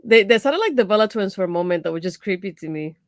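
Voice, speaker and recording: A woman co-hosting a casual wrestling chat show, retelling moments in an animated, giggly way. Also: medium pitch, quick pace, no echo, studio quality. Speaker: wrestling podcast co-host.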